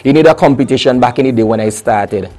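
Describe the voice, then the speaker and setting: A young adult man, a soca artist chatting lively and casually in an interview. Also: medium pitch, fast talker, soft background music. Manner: lively, chatty, full of restarts and local phrasing.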